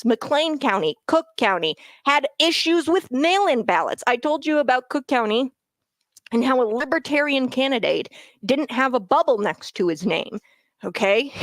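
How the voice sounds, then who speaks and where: In a dry recording, a woman with a slightly high voice runs a political talk show. As a talk radio host offering opinionated commentary, she gets heated and repeats phrases to drive her points home.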